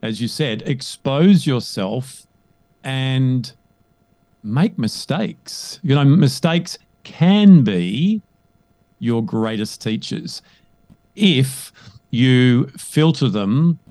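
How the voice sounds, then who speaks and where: A man speaking as a coach in a conversational interview, emphatic and animated, often checking in with "right?". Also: medium pitch, very slow, no echo. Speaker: guest, leadership coach.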